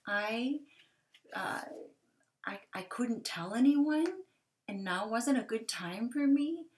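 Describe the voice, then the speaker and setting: A woman in her forties giving a personal testimony talk for a ministry, gentle and halting, with hesitant restarts. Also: mid-range voice. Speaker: ministry speaker sharing testimony.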